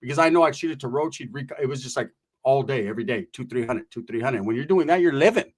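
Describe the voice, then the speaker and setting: A man's voice: mid-range voice, expressive, fast, breathy edge. A middle-aged man from California telling a rambling, profane story in streetwise slang. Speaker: storyteller guest. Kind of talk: casual anecdote telling.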